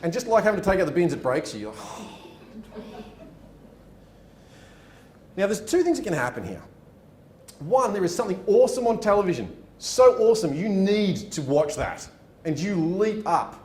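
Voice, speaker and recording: A man giving a motivational talk, acting out the people in his stories. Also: fairly quick. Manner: animated, acts out dialogue in his stories. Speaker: motivational speaker. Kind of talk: storytelling keynote talk. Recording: echoey room with faint rumble.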